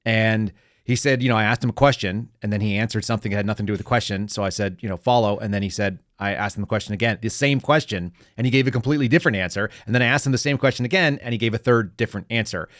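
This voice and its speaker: A man's voice: fairly low pitch, rapid-fire, a bit bright, no echo, clean studio sound. A middle-aged man hosting a podcast, chatting casually and with strong opinions, joking and slipping into brief mocking voices. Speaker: podcast host. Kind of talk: casual political commentary.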